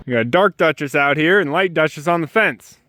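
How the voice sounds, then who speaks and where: High-voiced man coaxing his farm animals. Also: brisk, bright, forceful tone, slight background noise. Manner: coaxing animals in a fond high sing-song. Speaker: homesteader vlogger. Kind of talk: casual vlog narration. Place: outdoors on a snowy farm.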